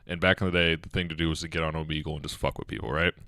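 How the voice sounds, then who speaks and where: A man co-hosting a casual podcast, telling an old story with animated energy and laughter. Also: rumbling low, racing, dry recording, studio quality. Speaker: podcast co-host.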